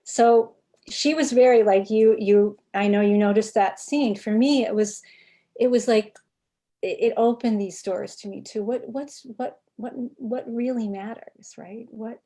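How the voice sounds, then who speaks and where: A woman anthropologist telling a personal story on a video call, animated and often restarting her sentences. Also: fairly high pitch, unhurried. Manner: animated, self-interrupting storyteller. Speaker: anthropologist and author, guest.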